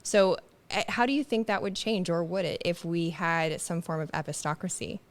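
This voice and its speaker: A woman hosting a podcast interview, asking measured, deliberate questions. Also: fairly low pitch, far from the mic. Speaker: podcast host.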